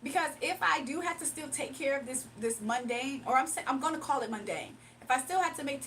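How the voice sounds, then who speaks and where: Animated high-voiced woman chatting on stream. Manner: animated, laughs often, talks to chat. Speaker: livestream host. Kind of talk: casual livestream chat. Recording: distant mic with faint background noise.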